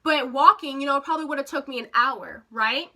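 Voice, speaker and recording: A young woman tells a storytime to her camera. Her voice sits high and bright. She talks in a chatty, animated way, full of "like" and quoted back-and-forth. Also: brisk. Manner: chatty, animated retelling with lots of "like" and quoted dialogue. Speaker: vlogger. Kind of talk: casual storytime.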